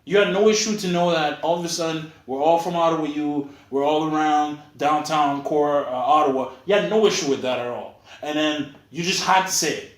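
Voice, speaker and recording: A man with a slightly high voice tells a story with plenty of swearing and animated quoted lines. The podcast sounds casual and unscripted. The room gives his voice a noticeable echo. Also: normal speed, hardly any pauses. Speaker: podcast co-host. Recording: echoey room.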